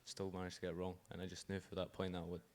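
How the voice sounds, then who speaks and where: A man's voice: low-pitched, completely flat delivery, racing, darkish tone. A sixteen-year-old male driver from Scotland giving shy, short answers. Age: teens. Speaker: racing driver.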